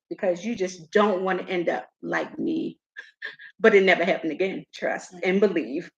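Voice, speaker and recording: A middle-aged woman hosting a casual chat, telling a personal story in an animated way and acting out what others said. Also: on the low side, muffled recording. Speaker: host.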